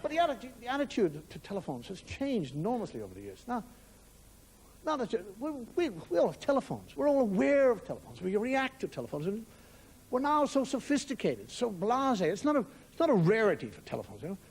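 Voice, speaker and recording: A man's voice: sits high, wildly swooping pitch, fairly quick, slightly rough. An Irish man performing a stand-up monologue, telling wry stories with mock outrage. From Ireland. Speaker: stand-up comedian.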